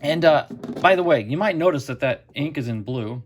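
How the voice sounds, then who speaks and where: A man's voice: a little high, expressive, normal speed, slight background noise. A middle-aged man casually telling a story to camera as the host of a card collecting channel, chatty and acting out quotes.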